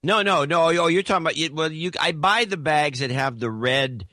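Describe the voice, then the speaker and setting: A man's voice: fairly high pitch, moderate pace, sharp tone, no room sound. A man co-hosting a podcast in casual chat, giving dry, wry comebacks. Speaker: podcast co-host.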